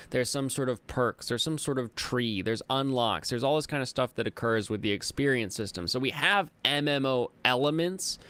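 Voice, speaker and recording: Rambling, laughing male streamer. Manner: rambling and animated, with sudden high excited jumps; laughs often. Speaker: streamer host reading chat. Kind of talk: casual livestream chat.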